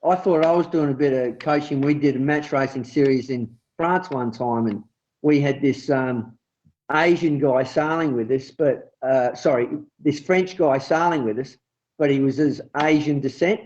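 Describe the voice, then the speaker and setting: A man hosting a casual sailing podcast, chatting in a relaxed, storytelling way. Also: mid-range voice, normal speed. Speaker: podcast host. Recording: muffled lo-fi audio.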